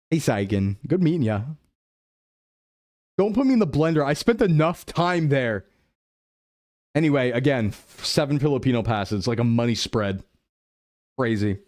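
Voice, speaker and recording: A young man streams a game live, his fairly high voice bouncing all over the place. He chats playfully and thinks his guesses out loud. The sound is dry and close. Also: dry recording. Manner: chatty, playful, reacts to chat while guessing aloud. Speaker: VTuber streamer. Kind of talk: live-stream gameplay commentary.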